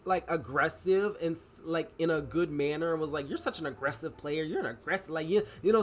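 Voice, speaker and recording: Young male vlogger, casual, rambling, filler-heavy; slightly high pitch. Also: fairly bright tone. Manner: rambling, many "like" fillers and restarts. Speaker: vlogger and writer. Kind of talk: casual vlog chat.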